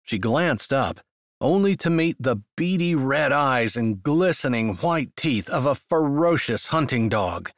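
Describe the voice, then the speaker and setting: A man narrating a romance novel in an expressive, unhurried storytelling manner, close on the mic. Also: medium pitch, no room sound. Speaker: audiobook narrator. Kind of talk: scripted narration.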